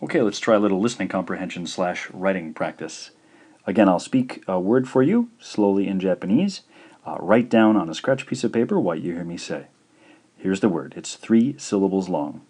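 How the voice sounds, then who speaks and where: A man teaching a language lesson, sounding out words slowly and carefully, syllable by syllable, in a patient, encouraging way. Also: low-pitched, sing-song, a little mellow, husky. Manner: slow, careful syllable-by-syllable pronunciation. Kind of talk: slow instructional lesson.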